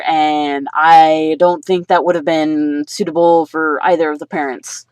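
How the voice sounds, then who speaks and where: A woman's voice: fairly low pitch, normal speed, no room sound. A woman vlogger venting a personal story in a rambling, agitated, profane way.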